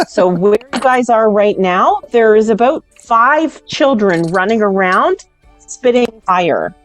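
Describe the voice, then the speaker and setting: A woman's voice: mid-range voice, expressive, slow pace. Hesitant woman game master, faint music. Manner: hesitant, with fillers and laughs. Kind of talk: narrating a tabletop game.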